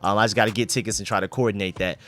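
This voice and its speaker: A man rattles off his football opinions at a brisk clip, hammering the same catchphrases for emphasis. His throat is sore after a long session, and faint music plays underneath. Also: lowish voice, steady tone, a bit bright. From Atlanta, USA. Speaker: sports channel host. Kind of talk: fan game review commentary.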